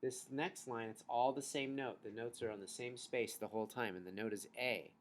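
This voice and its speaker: Male music teacher, patient and encouraging, mid-pitched, chanting rhythms for the kids to echo. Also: steady tone, normal speed, a little hiss or hum. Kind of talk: recorded online music lesson for children.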